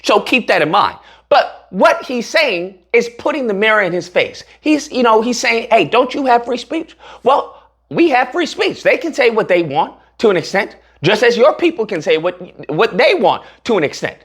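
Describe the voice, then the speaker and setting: Husky guy ranting sarcastically about politics, voice jumping all over the place. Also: high voice, moderate pace. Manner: animated, sarcastic, slangy. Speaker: commentary channel host. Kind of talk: political commentary.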